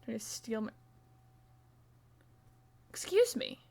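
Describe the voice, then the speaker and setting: A young woman with a slightly high voice chats playfully through a casual live stream. She reads her viewers' messages aloud, teases them, and drops into soft counting as she crochets. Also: huge pitch swings, slow, vocal fry. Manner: counts stitches under her breath.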